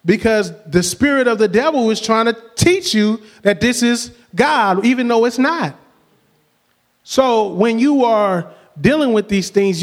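A middle-aged man preaching a sermon, energetic, with frequent call-outs and laughs. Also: high-pitched. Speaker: pastor.

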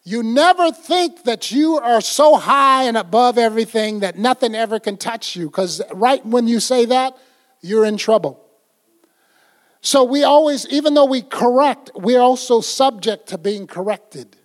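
A man's voice: very high-pitched, measured pace. An older man preaching a folksy, conversational sermon, acting out little scenes as he goes. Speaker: pastor.

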